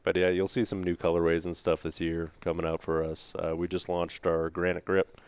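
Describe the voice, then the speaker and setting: Low-voiced laid-back man, dry close sound. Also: little pitch movement, a little fast, darkish tone, clear, resonant tone, no room sound. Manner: laid-back storyteller, swears casually. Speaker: guest, company partner. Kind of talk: casual podcast conversation.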